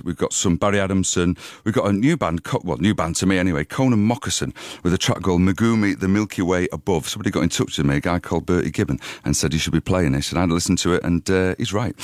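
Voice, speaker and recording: A man's voice: low-pitched, dry recording. A middle-aged man presenting a radio music show in a studio, chatty and rambling with lots of fillers and restarts. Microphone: studio microphone.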